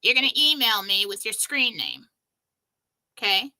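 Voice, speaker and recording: A woman's voice: fairly high pitch, normal speed, pushed and bright, poor audio. A woman co-hosting a live stream as a psychic reader, talking breezily with many "um"s and "okay?" tags. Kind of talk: casual live-stream chat.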